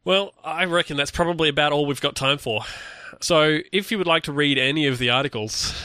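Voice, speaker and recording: A man's voice: on the high side, brisk, sharp tone, no echo, clean studio sound. A man co-hosting a casual podcast, rambling with restarts and fillers. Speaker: podcast co-host.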